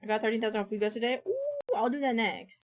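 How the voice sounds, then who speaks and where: A woman's voice: on the high side, fast talker. A woman streamer chatting casually and thinking aloud, often mumbling to herself at a desk microphone. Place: home streaming setup.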